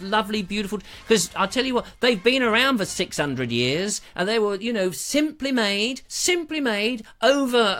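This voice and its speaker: A man's voice: high voice, a bit bright. A middle-aged man, hosting a rambling live stream with theatrical rants, asides and sound effects. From England. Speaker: live show host.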